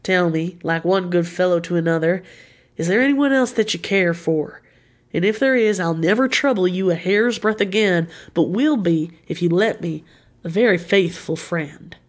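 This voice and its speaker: A woman's voice: lowish voice, normal speed, natural voice. A woman reading as an earnest young American suitor. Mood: sincere.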